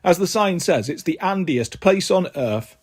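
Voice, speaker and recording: A man reading a children's book aloud in an animated way, jumping to higher voices for the characters. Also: a little slow, slightly rough. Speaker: storybook reader.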